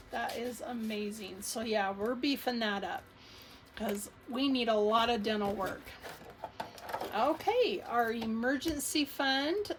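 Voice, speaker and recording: A woman speaks at an unhurried pace in a slightly high voice, counting cash aloud and cheering on her savings in a chatty budgeting vlog. She talks casually with fillers and little asides. A faint hum of room noise sits under the recording. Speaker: budgeting channel host.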